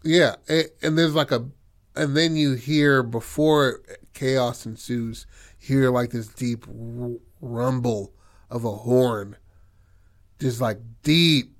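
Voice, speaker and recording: A man's voice: mid-range voice, slow. A man with a mid-range voice talks loosely through his story ideas. He halts and restarts, and he fills the gaps with "like" and "you know what I mean.". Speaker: co-writer planning a film. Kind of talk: casual brainstorming chat.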